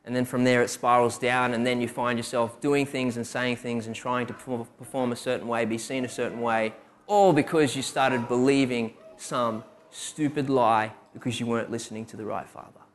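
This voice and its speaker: A man's voice: medium pitch, fairly even intonation, moderate pace. A young man preaching a sermon, telling personal stories and asking rhetorical questions. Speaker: preacher giving a testimony.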